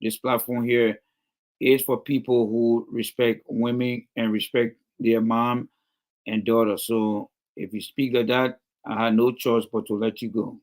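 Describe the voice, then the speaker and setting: A middle-aged man with a Liberian English accent talks straight to his livestream audience. He keeps repeating himself and drives each point home as he lectures and scolds. His pitch sits in an ordinary middle range for a man. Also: little pitch movement, measured pace, a little mellow. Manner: scolding, repetitive, emphatic. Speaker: livestream host reading comments. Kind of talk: casual livestream talk.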